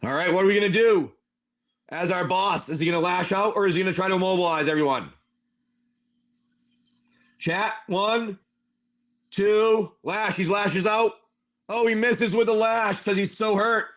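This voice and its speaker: A man's voice: high-pitched, normal speed, pauses often, fairly bright tone. A man running a tabletop game on a live stream, narrating each move play by play. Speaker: game master.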